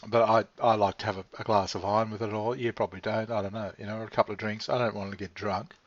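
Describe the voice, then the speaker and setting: A man's voice: fairly low pitch, little pitch movement, fast talker, dry recording. A man talking in a meandering, laid-back monologue, swearing casually and chuckling as he goes. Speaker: vlogger. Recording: dry, slightly dull lo-fi sound.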